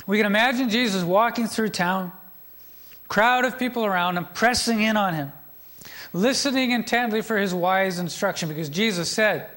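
A man's voice: high voice, moderate pace, a bit bright. A middle-aged man preaching a sermon as pastor, retelling a story with joking asides to the congregation.

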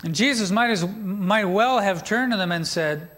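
A man's voice: high voice, moderate pace, few pauses, a bit bright. A middle-aged man preaching a sermon as pastor, retelling a story with joking asides to the congregation.

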